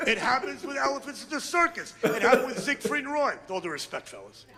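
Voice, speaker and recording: A middle-aged man doing a brash, crude, ranting stand-up comedy routine on stage, with loud outbursts. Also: very high-pitched, sing-song, fast talker, very noisy. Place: comedy stage before a live audience.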